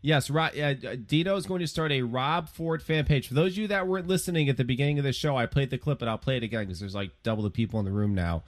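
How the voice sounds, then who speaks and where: A man's voice: medium pitch, fast, few pauses, no echo, clean studio sound. A man hosting a casual call-in show who teases his co-host and laughs often. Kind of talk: casual podcast banter.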